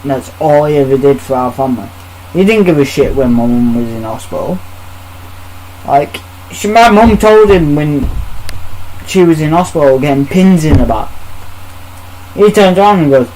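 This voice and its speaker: A man's voice: on the high side, expressive, normal speed, pauses often, a little mellow, a little hiss or hum, poor audio. A man on a podcast, telling a story in casual chat, bluntly and with heavy swearing while acting out the exchanges he quotes. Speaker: podcast host.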